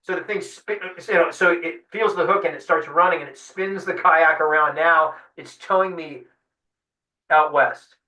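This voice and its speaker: A man tells a fishing adventure as a guest, lively and fond of playing out each voice. His tone is bright and forceful. He sits back from the mic in an echoey room. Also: on the high side, moderate pace. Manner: animated storyteller acting out voices. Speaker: guest fly-fishing guide. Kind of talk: storytelling in an interview. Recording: roomy sound, mic at a distance.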